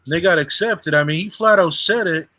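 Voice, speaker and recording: A man co-hosting a boxing live stream, insistent and quick to cut in. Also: a little high, bright, forceful tone, dry recording. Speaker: co-host. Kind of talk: casual live-stream chat.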